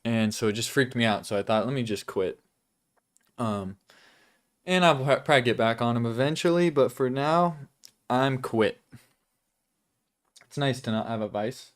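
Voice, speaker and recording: Chewing gum and cursing now and then, a young vlog host rambles casually through his weekly update. His voice sits at an ordinary middle pitch and sounds smooth and resonant, at normal speed with long pauses.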